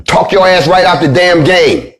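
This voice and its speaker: Fiery profane man preaching to listeners. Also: moderate pace. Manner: profane, preacherly, swings from loud to low and grave. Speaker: movement leader giving a speech. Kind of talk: fiery monologue.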